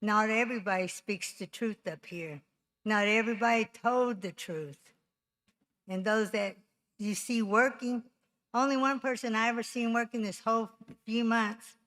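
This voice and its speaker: A woman's voice: medium pitch, fairly bright tone. A woman voices an unscripted complaint at a council meeting. She is insistent and aggrieved, and she repeats and restarts her phrases as she goes. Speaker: tribal member speaking at council. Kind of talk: unscripted public comment.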